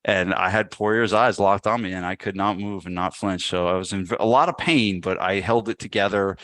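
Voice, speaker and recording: A man's voice: deep voice, fairly quick, no room sound. A man, a gym owner and podcast guest, telling a story casually and acting out what people said. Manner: animated, acts out quotes.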